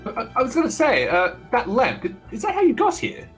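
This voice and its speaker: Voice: medium pitch, wildly swooping pitch, fairly quick. A player reacts with incredulous, casual remarks, the voice rising and falling widely. Light music plays beneath. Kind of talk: casual tabletop play.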